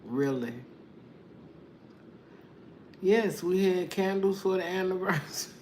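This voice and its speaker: A woman's voice: fairly low pitch, slow pace, pauses often, a little mellow. A middle-aged woman giving a casual tarot reading, blunt and profane, laughing often as she talks. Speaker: tarot reader. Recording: echoey room with faint noise.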